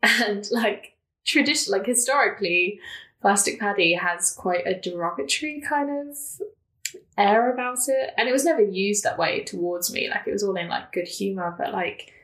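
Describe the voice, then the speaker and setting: A woman's voice: mid-range voice, moderate pace, fairly bright tone. A young woman chats through her stories as a podcast guest, her mid-range voice ringing in a roomy space. She laughs often and scatters fillers through her talk. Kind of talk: casual storytelling chat. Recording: roomy echo.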